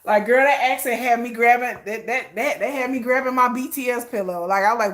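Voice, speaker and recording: A woman hosting a casual pop-music commentary show, talking in a gushing, excitable way with frequent restarts. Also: fairly high pitch, brisk. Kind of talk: casual chat.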